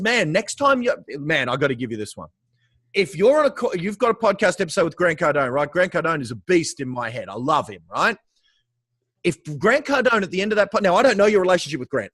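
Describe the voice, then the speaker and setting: An Australian man in casual podcast chat as a guest real estate coach, animated, swearing casually and calling the host bro. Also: sits high, breathy edge, dry recording.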